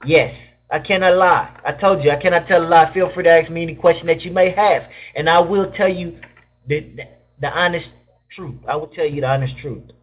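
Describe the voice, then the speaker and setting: Reading chat questions out loud at a brisk clip, a high-voiced young man from Southern California answers them with easygoing, slangy banter during a casual home live stream. A webcam mic gives the audio a dull, lo-fi quality.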